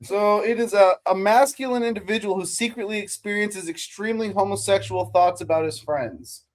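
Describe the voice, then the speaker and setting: A man's voice: high voice, moderate pace. A man hosting a casual comedy podcast, reading out definitions and reacting with flustered laughs. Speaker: podcast host.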